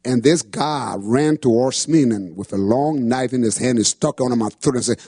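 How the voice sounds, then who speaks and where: A man preaching a sermon testimony with impassioned delivery that rises to shouts. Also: mid-range voice, moderate pace, hardly any pauses, slightly rough, no room sound, clean studio sound. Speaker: pastor.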